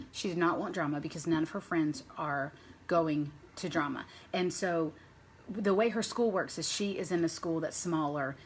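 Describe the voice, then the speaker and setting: A woman in her thirties, a mother, chats to camera in a casual vlog. Her voice sits a little low, and she rambles from one thought to the next. A faint hiss of noise runs under the recording. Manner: chatty and rambling, stringing thoughts with "and so". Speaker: mother sharing parenting stories.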